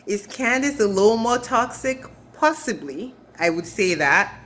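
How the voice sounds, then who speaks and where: A woman's voice: mid-range voice, lively intonation, a little slow, fairly bright tone, slight background noise. A woman recapping a reality TV reunion in a casual, gossipy vlog, with chatty asides. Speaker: reality TV commentator.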